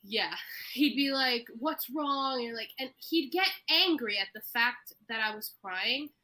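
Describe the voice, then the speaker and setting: A woman's voice: on the high side, expressive, unhurried, pushed and bright, rough recording. A woman in her twenties co-hosting a podcast, speaking candidly in casual chat. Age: 20s. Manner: candid, laughs easily. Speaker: podcast co-host.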